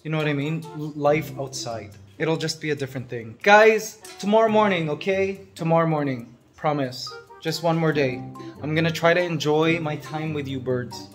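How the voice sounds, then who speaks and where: A man from Canada in his thirties, vlogging casually from his farmhouse and gushing to his viewers with excitement and emotion. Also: fairly high pitch, moderate pace, soft background music. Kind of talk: casual vlog. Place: farmhouse under construction.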